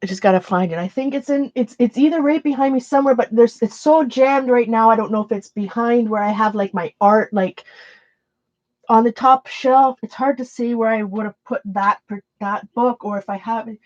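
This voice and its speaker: A woman talks casually to viewers of her art livestream from her home art room. Her voice sits a little high, and she rambles, restarting sentences as she questions herself. The sound is dry and a bit dull, like modest stream audio. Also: normal speed, no room sound.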